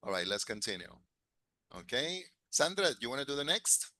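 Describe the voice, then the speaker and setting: A man's voice: mid-range voice, very animated, normal speed, bright, forceful tone, no echo. A man teaching an English class, encouraging his students, drilling phrases and chuckling often.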